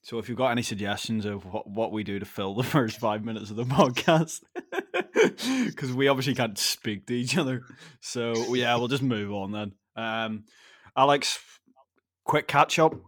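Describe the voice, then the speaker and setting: Giggly young man with lively pitch. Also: moderate pace. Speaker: podcast co-host. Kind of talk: casual podcast chat.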